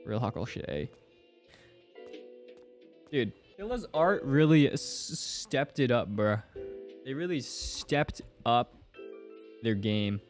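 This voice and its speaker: A man's voice: medium pitch, lively intonation, slow pace, long pauses, faint music behind. A young man playing a horror game, reacting with jumpy, joking commentary and reading lines aloud. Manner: jumpy, swears and laughs at scares, reads game lines aloud. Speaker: gaming streamer.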